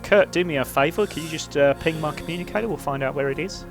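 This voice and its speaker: A man's voice: a little high, fast, music in the background. A man running a tabletop game as game master, rambling and hesitant with many fillers.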